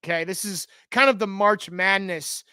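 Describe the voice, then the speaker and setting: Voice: medium pitch, moderate pace, pushed and bright, clear, resonant tone, no echo. Jokey live show host, cuts himself off a lot, super clean dry audio. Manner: joking asides, teases and self-interrupts. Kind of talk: live show chat with sponsor plugs.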